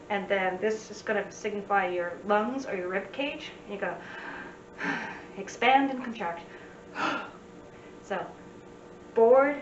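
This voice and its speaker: A woman teaching signs in a casual spoken lesson, chatty with playful asides. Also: medium pitch. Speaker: sign language teacher. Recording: roomy, distant, dull sound, faint hiss.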